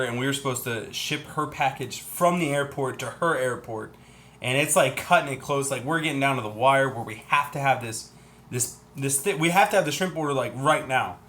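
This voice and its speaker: A man hosting a livestream, telling a story in a chatty, animated way and acting out what other people said. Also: medium pitch. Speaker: livestream host.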